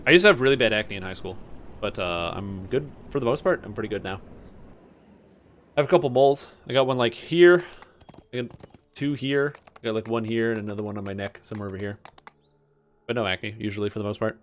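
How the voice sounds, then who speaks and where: A man's voice: on the low side, quick pace, long pauses, slight background noise. A young man streaming a game, chatting casually and rambling through stories. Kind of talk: casual chat while gaming. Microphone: webcam-streaming setup.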